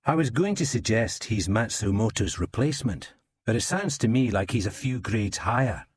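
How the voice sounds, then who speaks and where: Male reader as a measured, knowing detective, husky voice, dry recording. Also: fairly low pitch, expressive, no room sound, pitched above the performer's own voice. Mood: explaining. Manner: measured, explaining.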